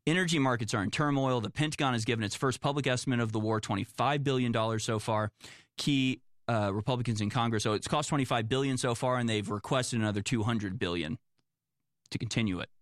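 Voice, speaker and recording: A political commentator with a medium-pitched voice talks fast as he reads news reports aloud and reacts to them sarcastically, exasperated and rambling. The studio sound is clean, with no room sound.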